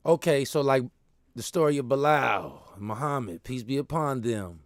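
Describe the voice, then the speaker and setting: A man telling stories in a casual monologue, animated and laughing, using slang. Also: medium pitch, moderate pace, no room sound, clean studio sound. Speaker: host.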